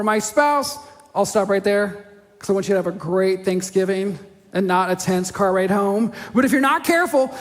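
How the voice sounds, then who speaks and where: A male pastor giving a sermon in a conversational, animated way, acting out the voices he quotes. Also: high-pitched, long reverb tail. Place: church auditorium.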